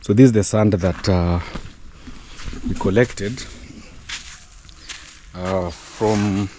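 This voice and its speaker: A man's voice: on the low side, extremely slow, warm tone, slight background noise. A man vlogging casually on his farm, chatty and loose with fillers and restarts, out of breath from walking uphill. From East Africa. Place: outdoors on a rural farm.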